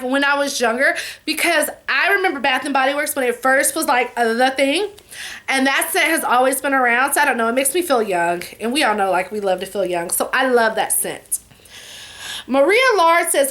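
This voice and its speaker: Woman, 40s, high bright voice, chatty Q&A vlogger. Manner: chatty, warm-hearted, says "y'all" and "you know" often. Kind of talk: casual Q&A chat to camera.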